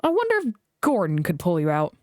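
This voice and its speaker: A woman voicing a stern, portly male railway boss in a storybook reading, speaking slowly with measured authority. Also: on the low side, wildly swooping pitch, dry recording.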